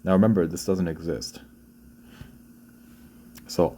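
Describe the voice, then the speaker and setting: A man with a deep, low voice and a soft, mellow tone walks beginners through Korean grammar. He explains things casually, restarts sentences and keeps asking "right?" as he goes. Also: lively intonation, a little slow, a little hiss or hum. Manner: loose and conversational, often restarting and asking "right?". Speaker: Korean language teacher.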